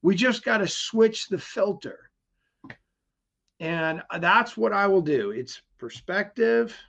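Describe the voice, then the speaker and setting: A man's voice: sits high, animated, slow pace, vocal fry, a bit bright. A middle-aged man with an upbeat, motivational way of talking, speaking as a guest in a conversational interview. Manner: upbeat and motivational, acts out quoted voices.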